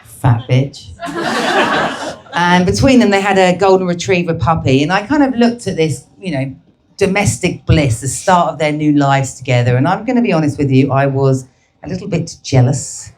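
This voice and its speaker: A woman's voice: deep voice, expressive, moderate pace, a little mellow. A woman performing a brash, crude stand-up comedy set, teasing the crowd at a live show.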